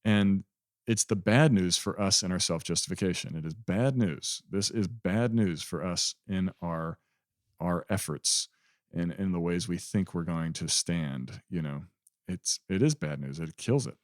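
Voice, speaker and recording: A man's voice: sits low, unhurried, no echo, clean studio sound. A man co-hosting a conversational Bible discussion, earnest and emphatic, repeating key phrases. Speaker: podcast co-host.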